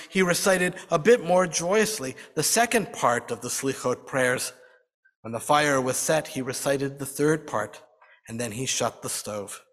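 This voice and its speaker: A man's voice: medium pitch, a bit bright. Man telling a story in a hall. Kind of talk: expressive story narration.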